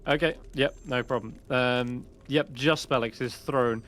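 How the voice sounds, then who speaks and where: Bright, lively male game master narrating with laughs. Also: medium pitch, a little slow.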